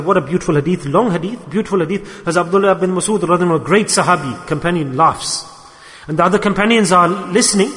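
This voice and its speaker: Brief: male preacher, high voice, acted storytelling, reverberant hall. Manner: animated, acts out dialogue with rising pitch. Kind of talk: sermon storytelling.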